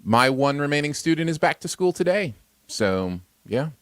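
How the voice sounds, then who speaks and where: Male co-host, teasing, very animated pitch, dry close sound. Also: moderate pace, clean tone, no echo. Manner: playful, teasing, chuckles often. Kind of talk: casual live-stream chat.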